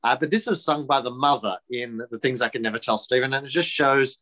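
Man, songwriter, bright tense voice, hesitant, lots of ums. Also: mid-range voice, brisk, low-quality recording. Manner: relaxed, hesitant with many fillers. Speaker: songwriter of the musicals. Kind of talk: lecture talk introducing songs.

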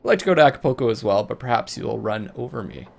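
A man voicing a tough, wary female bandit who shouts gruff demands. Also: medium pitch, lively intonation, fast talker.

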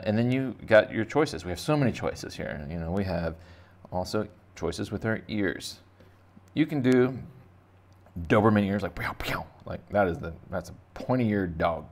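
A man teaching kids to draw in a casual, rambling, jokey way, thinking aloud as he sketches. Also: lowish voice. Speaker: art teacher. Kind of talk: casual drawing lesson for kids.

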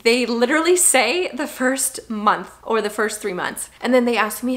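A young adult woman talking candidly in a casual vlog, chatty and animated, acting out the things people say to her. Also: on the high side, moderate pace, hardly any pauses. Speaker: vlogger.

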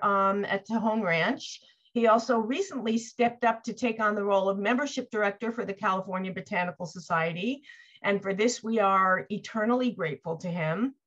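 A woman's voice: mid-range voice, a bit bright. A woman introduces the guest speaker at an online seminar, reading her notes with the odd filler. Her audio comes through a video call and sounds a little dull. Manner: reads the introduction with a few fillers. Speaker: seminar host.

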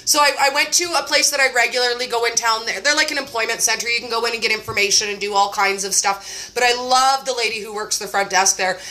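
A woman hosting a casual phone livestream chat, bubbly and effusive and quick to laugh. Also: a little high, pushed and bright. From Canada. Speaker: host. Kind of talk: casual live-stream chat.

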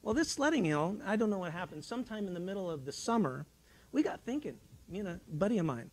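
A man's voice: high voice, big pitch swings, fast talker, poor audio. A man preaching in a church, talking in a folksy, rambling way with many restarts as he tells a childhood story. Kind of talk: sermon. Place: church sanctuary.

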